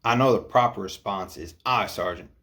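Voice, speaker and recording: A man's voice: lowish voice, normal speed, fairly bright tone, lightly acted. A man doing a barking, hot-tempered sergeant. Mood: stern. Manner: barking orders. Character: strict, hot-tempered male Marine sergeant. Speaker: squad sergeant.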